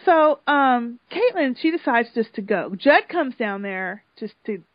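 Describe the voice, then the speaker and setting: A woman chatting casually as a podcast host, gossiping in an animated way and acting out what people said. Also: on the high side, a little slow, dry recording. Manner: gossipy, animated, acts out quotes, laughs loudly. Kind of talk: casual chat recapping a reality show. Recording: dull lo-fi sound, dry.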